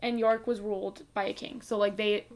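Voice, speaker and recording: A woman's voice: medium pitch, little pitch movement, moderate pace. A woman co-hosting a podcast, explaining a history segment at length in a loose, informal way. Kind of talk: casual chat.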